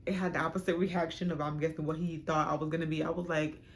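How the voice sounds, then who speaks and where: A young woman telling a storytime on her vlog, frank, animated and profane. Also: low-pitched, fast talker, a little hiss or hum. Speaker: vlogger.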